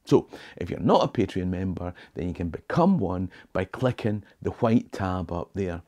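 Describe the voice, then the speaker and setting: A man's voice: deep voice, lively intonation, normal speed, darkish tone. A Scottish man in his sixties, a history guide telling stories with dry jokes and Scots words, talking from a small home office. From Scotland. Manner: wry, joking storyteller sprinkling in Scots words. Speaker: history tour guide and channel host. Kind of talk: talking-head history video.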